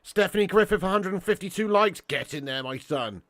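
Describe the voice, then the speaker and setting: A man's voice: sits high, animated, a little fast, a bit bright, no room sound. Chatty man streaming a watch-along. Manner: chatty and banter-filled, calls viewers lad and mate. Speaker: live-stream host reading chat. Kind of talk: casual live watch-along chat.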